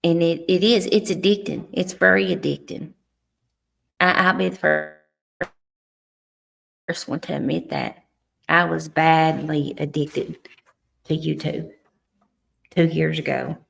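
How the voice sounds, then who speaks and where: Woman, middle-aged, slow talker, very gravelly voice, frank casual livestream chat. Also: sits low, fairly even intonation, a bit bright. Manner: frank, cusses freely, halting restarts. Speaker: livestream host.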